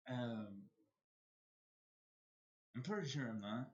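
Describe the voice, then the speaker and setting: A male streamer chats casually at a mid pitch, telling a story that wanders and circles back on itself. He keeps restarting his sentences. His mic sounds slightly dull and lo-fi. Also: measured pace, pauses often, a little mellow. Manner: rambling, restarts sentences often. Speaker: livestreamer.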